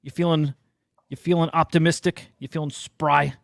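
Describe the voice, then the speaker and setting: A man co-hosting a casual crypto chat show, excitable and swearing freely. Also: on the high side, moderate pace, vocal fry, no room sound, clean studio sound. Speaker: co-host.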